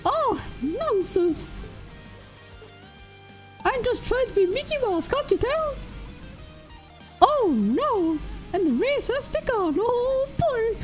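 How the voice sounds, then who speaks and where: A woman streaming a game through a pitch-shifting voice changer that makes her sound like a squeaky cartoon mouse, gasping and exclaiming. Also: sing-song, slow, pauses often, faint music behind, full character voice, poor audio. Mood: excited. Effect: high pitch-shifting voice changer. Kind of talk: live-stream game commentary.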